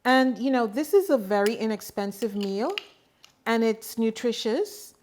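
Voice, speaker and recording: A middle-aged woman giving a home cooking demonstration in her kitchen, chatty and relaxed, with homey asides. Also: fairly high pitch, unhurried, slight background noise. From Bahamas. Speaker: home cook and farmer.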